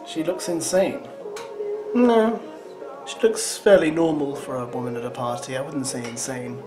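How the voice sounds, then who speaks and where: A man's voice: medium pitch, measured pace. A man giving teasing, sarcastic running commentary as he reacts to a show. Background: show soundtrack music.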